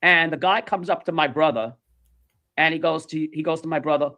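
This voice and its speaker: A man's voice: fairly high pitch, brisk. A man telling a story in casual chat, animatedly acting out the voices of the people in it. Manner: animated, acts out quoted voices.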